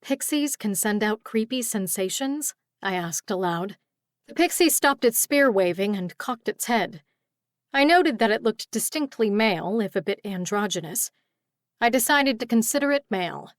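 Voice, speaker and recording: A woman reading a first-person urban fantasy audiobook at a mid pitch, with a tired, exasperated edge. The recording is very dry and close, with no room sound. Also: expressive, moderate pace, no room sound. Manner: tired, exasperated heroine voice in dialogue. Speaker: audiobook narrator.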